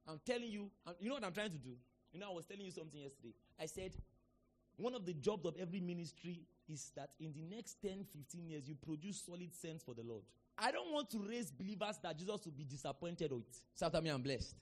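A middle-aged man with a Nigerian accent, preaching a sermon with sudden shouted bursts and call-and-response with the congregation. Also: high voice, animated, quick pace. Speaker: pastor.

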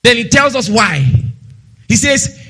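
A man preaching a sermon as pastor, emphatic, calling on the congregation to answer and reading scripture slowly and loudly. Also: very high voice, expressive, husky. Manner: emphatic preaching with call-and-response.

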